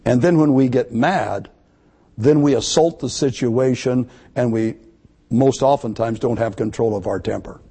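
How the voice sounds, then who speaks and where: A man preaching a sermon to his congregation, emphatic, repeating key words and slowing down to stress them. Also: medium pitch, warm tone, husky. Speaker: pastor.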